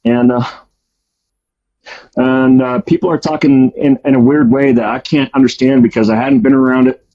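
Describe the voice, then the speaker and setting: A man's voice: mid-range voice, fairly even intonation, normal speed. A man casually telling a story about his past, with a rambling delivery full of fillers and restarts. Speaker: guest storyteller. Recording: dull lo-fi audio.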